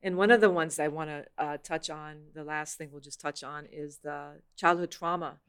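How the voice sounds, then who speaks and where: Earnest woman podcast host, smooth voice. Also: low-pitched, steady tone, normal speed. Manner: earnest, reflective, many "you know" fillers. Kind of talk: casual faith-based podcast chat.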